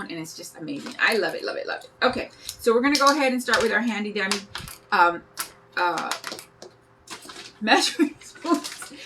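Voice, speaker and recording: A woman's voice: fairly high pitch, fairly bright tone, a little hiss or hum, poor audio. A woman in her fifties hosting a live craft tutorial, chatting in a bubbly, rambling way and greeting viewers by name as she works. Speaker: craft livestream host.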